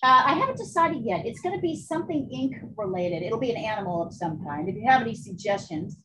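A woman's voice: fairly high pitch, animated, fast talker, a bit bright, rough recording. A woman art teacher talking casually through a live online painting class, candid and chatty, cursing now and then.

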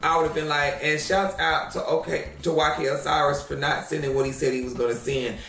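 Animated man dishing gossip in an echoey room. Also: on the high side, fairly quick, gravelly, recorded from a distance. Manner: animated, drawling, says "child" often. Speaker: co-host of a gossip reaction show. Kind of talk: casual gossip commentary.

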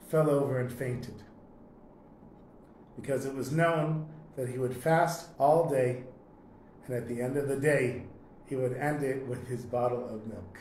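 A man teaching a lesson, telling a long story in a relaxed, conversational way and often clearing his throat. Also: medium pitch. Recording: echoey room, faint noise.

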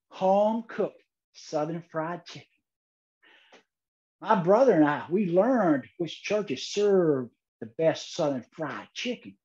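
A man delivers a comic speech, letting the pauses do the work. His voice is unhurried and mellow. It comes through muffled online conference audio. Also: high-pitched. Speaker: keynote speaker. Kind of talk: humorous contest speech.

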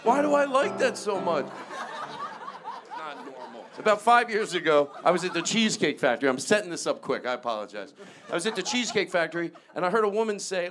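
A man performing a live stand-up comedy set, loud and animated, chatting with the audience and the band. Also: sits high, fairly quick. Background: band music and audience laughter.

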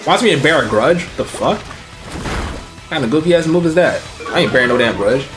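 Man, game streamer, lively swooping pitch, profane, mocking, excitable. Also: moderate pace, over music. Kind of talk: let's play commentary.

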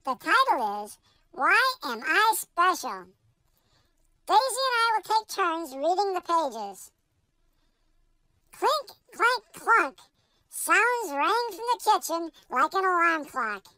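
A performer voicing a pug radio host through a high pitch-shifted effect, reading a storybook aloud in a slow, sing-song way. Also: bright, forceful tone, no room sound, clean studio sound, full character voice. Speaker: host reading a picture book.

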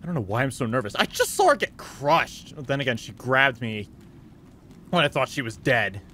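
A man streaming a horror game, thinking aloud and breaking into high yells at scares. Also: big pitch swings, moderate pace, a little hiss or hum. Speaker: gaming streamer. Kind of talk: live gameplay commentary.

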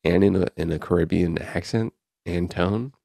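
A low-pitched man with vocal fry and a mellow tone talks at a moderate pace. As a podcast host, he reads headlines aloud and riffs on them in an offhand, wry manner, recorded dry at studio quality.

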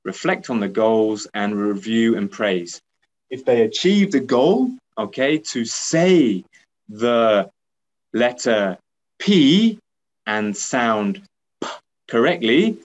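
A man at mid pitch who speaks very slowly and patiently while training teachers. He repeats his points and keeps checking in with his listeners. Now and then he slips into bright, upbeat praise the way a teacher would use it in class. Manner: slow, patient, repeats himself, often asks okay?; acts out lively teacher praise to pupils.

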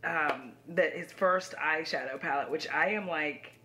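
A woman's voice: deep voice, a little slow. A young woman giving blunt, sassy makeup commentary from home, swearing casually. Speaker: beauty YouTuber.

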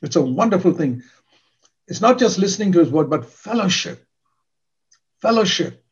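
A man's voice: on the high side, lively intonation, brisk, a little mellow, dull audio. An older man preaching a sermon in an earnest, emphatic way, repeating key words for stress.

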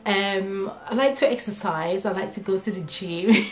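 A woman's voice: medium pitch, normal speed. A young woman vlogger answering viewer questions in a casual, candid chat, a little nervous about talking about herself. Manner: chatty and candid, laughs often, many fillers. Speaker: beauty vlogger. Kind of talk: casual get-to-know-me Q&A. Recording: echoey room with faint music.

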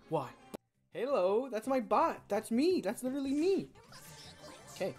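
A woman's voice: fairly high pitch, sing-song, measured pace, darkish tone, faint music behind. A young woman hosting a gaming channel, giving playful, jokey, self-mocking commentary over her gameplay.

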